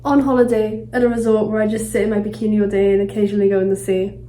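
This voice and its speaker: A young British woman talks very fast in a warm, medium-pitched, level voice, congested as she vlogs from a resort hotel room. She rambles, teases herself, and swears casually. The recording has an echoey room and faint ambience.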